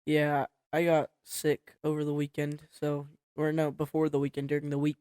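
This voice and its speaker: A young man co-hosting a podcast, laid-back, giving short replies and quick jokes in casual chat. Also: a little high, monotone, darkish tone, smooth, dry recording, clean studio sound. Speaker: podcast co-host.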